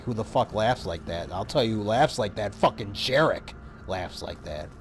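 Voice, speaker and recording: A man giving casual, rambling gameplay commentary, excitable and full of profanity. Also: mid-range voice, slight background noise. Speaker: gaming YouTuber.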